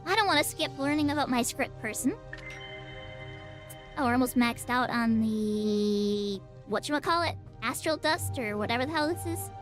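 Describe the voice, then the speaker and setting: A woman's voice: fairly high pitch, expressive, moderate pace, soft background music. A woman streamer giving chatty, playful, self-mocking commentary while playing a game. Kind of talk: casual gameplay commentary.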